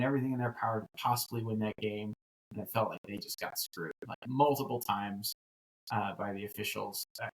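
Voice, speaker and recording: A man in his thirties co-hosting a casual sports talk show, rambling and animated, with lots of restarts. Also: mid-range voice, rough recording. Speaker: co-host.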